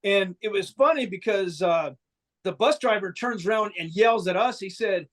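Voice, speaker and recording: A man's voice: high-pitched, moderate pace. A man, a guest musician, telling a long anecdote in a casual, profane, rambling way with frequent restarts. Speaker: band member guest. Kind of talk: casual storytelling.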